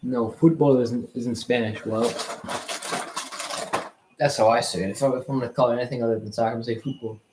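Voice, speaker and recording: A man's voice: mid-range voice, fast talker, pauses often. A young man with an everyday mid-range voice, talking loosely with plenty of "bro" and "dude" as he watches basketball. He grumbles at calls and chats easily. His voice has a roomy echo, with a faint noise floor behind it. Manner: relaxed, says "dude" and "bro" a lot, grumbles at refs. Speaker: podcast co-host. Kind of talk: casual chat while watching a game.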